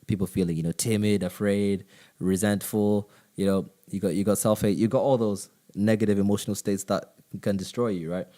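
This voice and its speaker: A young man talks quickly and earnestly on a podcast, coaching his listeners through self-improvement ideas. His voice is low and mellow, and he keeps checking in with the listener as he goes. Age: young adult. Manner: earnest, coaching, repeats "you know what I'm saying". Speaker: podcast host. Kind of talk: motivational podcast talk.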